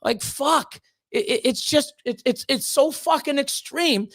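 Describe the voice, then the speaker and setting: A woman streamer ranting casually to her chat, swearing constantly and stumbling over her words as she gets worked up. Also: high-pitched. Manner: swears constantly, stammers and restarts when worked up. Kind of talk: heated casual rant.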